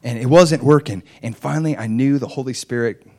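A middle-aged man pastor giving a sermon in an easy, conversational manner, telling a personal story and lifting his voice for emphasis. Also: brisk. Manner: rises in pitch and loudness for emphasis.

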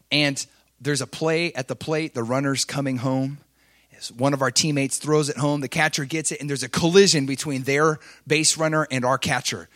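Animated man preaching a personal story. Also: a little high. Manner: animated, swings from loud intensity to quiet confession. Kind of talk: sermon storytelling.

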